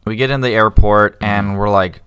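A man's voice: lowish voice, steady tone, moderate pace, a bit bright, clean tone. A young man in casual chat, animatedly telling a travel story with frequent laughs. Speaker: guest.

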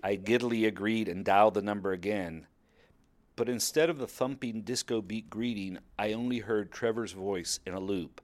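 A man telling a personal story in the first person, with wry, mocking asides, over a soft music bed. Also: lowish voice, normal speed.

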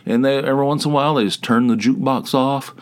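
A man's voice: mid-range voice, steady tone, quick pace. A middle-aged man hosting his own podcast, talking in a digressive, self-deprecating solo ramble that is full of restarts and repeated words. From northeastern Pennsylvania. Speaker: podcast host.

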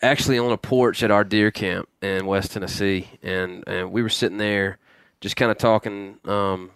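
A man talking as a podcast guest, halting and restarting often as he tells a story. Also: lowish voice, steady tone, a bit bright, clean tone, dry recording, studio quality. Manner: halting, many restarts and repeated words. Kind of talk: casual storytelling in a podcast interview.

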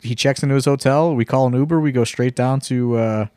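Co-hosting a laid-back podcast, this wrestling promoter rambles through a story full of fillers and a stray curse or two. He speaks a little fast at a medium pitch, with warm tone, fairly even intonation and no room sound.

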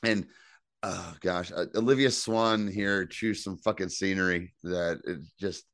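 A man's voice: deep voice, steady tone, a little slow, fairly bright tone, no room sound, studio quality. A man co-hosting a podcast, chatting casually and profanely and reading listener reviews aloud. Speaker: podcast co-host. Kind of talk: casual chat reviewing a TV episode.

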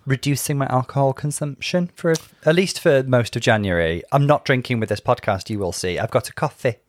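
A man in his thirties co-hosts a casual chat podcast in a dry, close-miked room. He teases his co-host gently and talks thoughtfully about the show. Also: medium pitch, brisk, no room sound. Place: Liverpool home studio.

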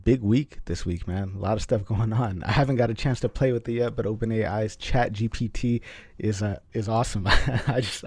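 Chill guy hosting a hangout, lowish voice, mellow dark tone, dry sound. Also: no echo. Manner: laid-back, says "man" a lot. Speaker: host. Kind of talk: casual group chat.

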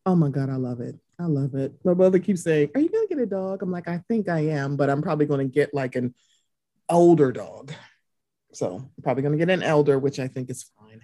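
A woman in her forties with a husky voice, chatting casually and acting out quotes as she tells stories. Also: low voice, brisk, no room sound, clean studio sound. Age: 40s. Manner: animated storyteller, acts out quotes. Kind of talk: casual chat.

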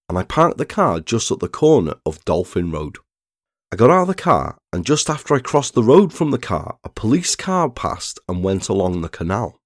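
A man, narrating a true crime story in a measured scripted read. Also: medium pitch, dry recording, studio quality. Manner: measured, reads statements aloud plainly.

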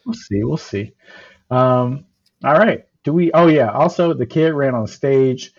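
A man's voice: mid-range voice, a little slow, no echo. Young man, podcast co-host, joking casual chat, muffled lo-fi mic, dry. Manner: animated, joking, laughs often.

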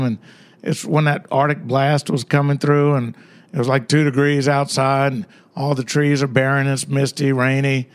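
An older man, a guest author, telling stories in a rambling, conversational way with many fillers. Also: mid-range voice. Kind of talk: casual storytelling interview.

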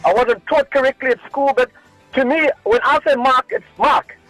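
A man's voice: extremely high pitch, normal speed, a bit bright, no room sound, faint music behind, rough recording. A South African man calling in to a radio show, good-humoured and laughing easily. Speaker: caller. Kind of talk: casual call-in chat.

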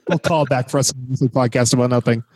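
A man's voice: mid-range voice, steady tone, fast, a little mellow, husky. A man hosting a casual movie podcast, recapping scenes with playful jokes. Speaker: podcast host.

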